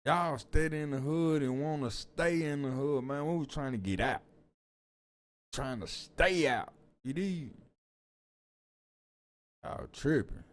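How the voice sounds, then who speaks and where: A man giving casual reaction commentary in a slow, drawling way, full of street slang and frequent "man". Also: on the high side.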